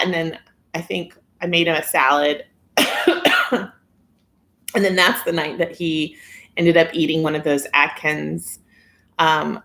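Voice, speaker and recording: A woman's voice: lowish voice, fairly bright tone. A woman hosting a casual live-stream chat on a phone camera, chatty and giggly as she reads viewer comments. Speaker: weight-loss vlogger hosting a live stream.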